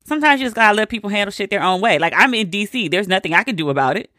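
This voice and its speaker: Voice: mid-range voice, animated, racing, pushed and bright, no echo, clean studio sound. A storyteller voicing a laid-back grown male cousin who shrugs everything off in an easy drawl. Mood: unbothered.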